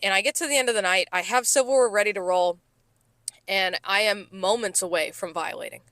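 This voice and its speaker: A woman in her thirties, a restaurant server co-hosting a podcast, telling work stories in animated, profane casual chat. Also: medium pitch, a little fast, no room sound. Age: 30s. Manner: animated, profane, acts out coworkers' lines.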